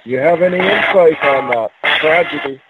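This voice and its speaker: A man from Canada, a paranormal investigator calling in as a guest, asking slow, probing questions into a ghost box. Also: fairly high pitch. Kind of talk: calling in to a live radio show. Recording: tinny phone line with noise.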